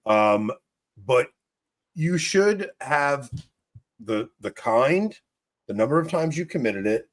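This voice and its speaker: A man's voice: mid-range voice, animated, slow pace. A man hosting a podcast in casual chat, rambling and laughing often. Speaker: podcast host.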